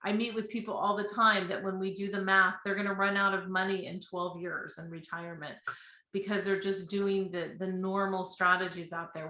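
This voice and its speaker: Bright-voiced woman guest in echoey room. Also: lowish voice. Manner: earnest, chatty, laughs readily. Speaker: guest, financial advisor. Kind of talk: casual interview. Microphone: remote live-stream call.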